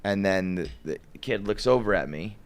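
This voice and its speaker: A man's voice: on the low side, animated, moderate pace. Young man, podcast storyteller, rambling, filler-heavy, laughs mid-story. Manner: rambling, lots of "like", laughs at his own story. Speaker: podcast regular telling a story.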